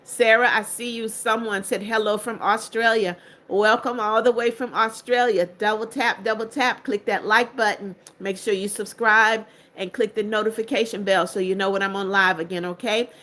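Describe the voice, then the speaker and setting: A woman's voice: mid-range voice, steady tone, normal speed, fairly bright tone. Older lady on a livestream, all congested, reading comments out and talking back to them, pretty blunt. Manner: chatty and blunt, answers comments one by one. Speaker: livestream host. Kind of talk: reading viewer comments aloud.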